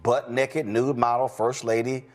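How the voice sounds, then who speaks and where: A man's voice: mid-range voice, little pitch movement, unhurried, a little mellow. A man in a played clip, scolding his listeners with a list of accusations.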